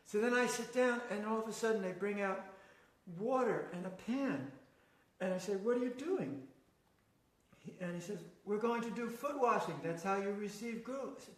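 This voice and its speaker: Man, high voice, animated storyteller who acts out every quote, echoey room sound. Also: brisk. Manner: animated, acts out quoted dialogue, laughs often. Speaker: storyteller recalling past travels. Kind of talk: casual reminiscing conversation.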